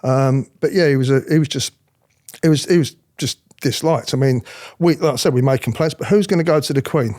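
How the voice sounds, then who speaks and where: A middle-aged former royal protection officer tells blunt stories in a candid interview, speaking fairly quickly in a mid-range voice. He's animated, swears freely, and mimics the people he describes.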